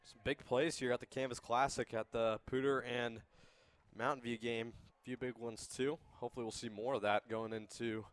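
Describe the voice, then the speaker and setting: A man's voice: medium pitch, normal speed. Young male color commentator, easygoing and chatty. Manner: relaxed, chatty color remarks. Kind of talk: radio sports commentary.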